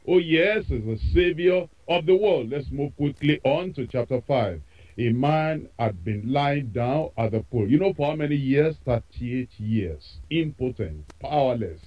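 Emphatic preacher on lo-fi radio. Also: male voice, on the high side. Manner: emphatic, repeats phrases for effect. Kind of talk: sermon. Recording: dull lo-fi radio broadcast.

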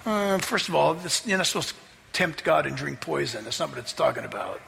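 A man preaching a sermon as pastor, telling a story with animated delivery that rises toward near-shouting at the climaxes. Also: fairly high pitch, brisk, vocal fry, a little hiss or hum. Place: church sanctuary. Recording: hall reverb, faint ambience.

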